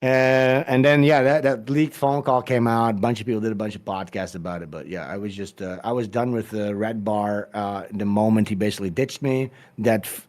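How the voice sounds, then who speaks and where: A man's voice: medium pitch, a little mellow. A man guest on a podcast, telling a long story in casual, profane, rambling talk with many restarts.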